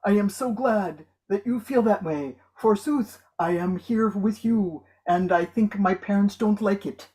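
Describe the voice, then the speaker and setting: Husky woman in over-the-top improv acting. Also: mid-range voice, a little slow, hardly any pauses, warm tone. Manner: over-the-top theatrical, mock old English. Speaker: improv performer. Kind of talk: comic improv scene acting. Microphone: video call.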